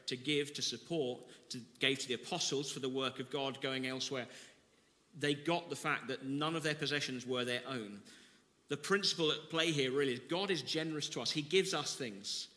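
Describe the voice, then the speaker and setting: A man's voice: mid-range voice, normal speed, bright, forceful tone, in a large hall. A man preaching a sermon, reading scripture with dramatic emphasis and then explaining it conversationally. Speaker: pastor.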